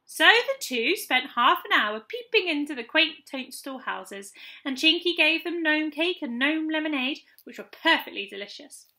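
Bright high-voiced woman storyteller. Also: very animated, moderate pace. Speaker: audiobook narrator. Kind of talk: children's storybook narration.

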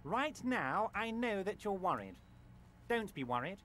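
A man voicing a jolly, smooth-talking fat union boss in a video game, coaxing and theatrical. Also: high-pitched, very animated, unhurried, fairly bright tone, slight background noise, full character voice. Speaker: game character.

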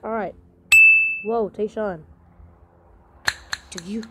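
The voice of a woman reacting animatedly while she reads out the chat lines of a texting game in a playful, casual let's-play. Her voice sits fairly high. It comes through a phone's screen recorder with loud hiss and clicks behind it. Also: animated, unhurried, long pauses. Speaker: gamer reading a texting game aloud. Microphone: phone microphone via screen recorder.

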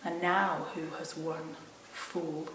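A woman voicing a cold, cruel witch who gloats over her victim, speaking slowly and low and sinking to a whisper. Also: flat delivery, fairly bright tone, a little hiss or hum. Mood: gloating, menacing. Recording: roomy echo from a distant mic.

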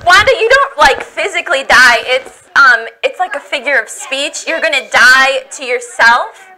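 A woman hosting a children's church show, gently explaining things with frequent giggles. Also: high voice, expressive, normal speed, rough recording. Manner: cheerful, giggly teaching. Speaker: children's church host.

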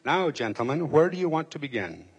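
A man voicing a smooth, courteous male chief coroner who calms a tense room, with a husky voice. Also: on the high side, brisk, in a large hall, exaggerated voice. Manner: courteous, soothing, calm.

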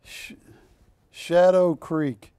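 A man's voice: fairly high pitch, steady tone, drawn-out words, warm tone, clear, resonant tone, dry recording. A man hosting a live shopping channel, joking with the crew and counting prices down. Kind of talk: live TV sales pitch and banter.

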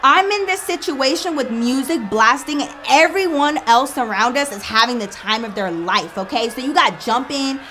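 Female storyteller, slightly high voice, animated and gossipy, talks right to her audience. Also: normal speed, hardly any pauses, soft background music. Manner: animated, chatty, acts out friends' voices, says "girl" and "y'all". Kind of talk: casual storytime monologue.

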